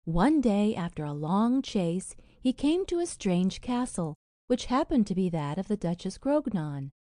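A woman's voice: mid-range voice, a little slow, no room sound, clean studio sound. A woman narrating a fairy tale in storybook style, reading the spoken lines with feeling. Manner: expressive, reads quoted lines with feeling.

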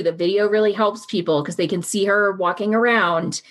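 A woman's voice: mid-range voice, normal speed, few pauses. A woman hosting a true crime podcast, telling the story in a casual, outspoken way and speaking her mind bluntly. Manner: casual, outspoken, swears, recounts events with quoted voices. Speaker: podcast host.

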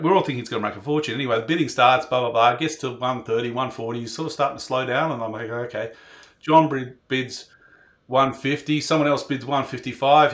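A man tells a long story in a loose, chatty way. His voice sits at an ordinary middle pitch, and he keeps circling back with fillers and quoted lines from other people. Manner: rambling, animated, filler-heavy anecdote. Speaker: racing industry panelist telling a story. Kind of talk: casual storytelling.

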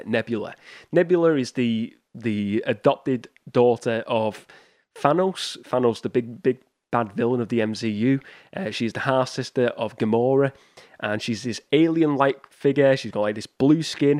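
A man's voice: medium pitch, darkish tone, no room sound, clean studio sound. A man hosting a solo movie podcast, chatting casually and rambling with restarts and small chuckles. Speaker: podcast host.

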